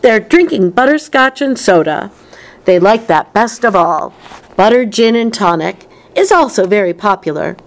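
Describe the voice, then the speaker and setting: A woman voicing a brisk, bossy, eccentric man in a storybook reading, emphatic and chirpy. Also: mid-range voice, lively intonation, voice pushed up, lightly acted.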